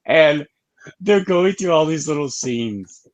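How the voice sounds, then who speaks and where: A man's voice: on the high side, slow pace. A man co-hosting a casual review show, recapping an episode with wry asides. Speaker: show co-host.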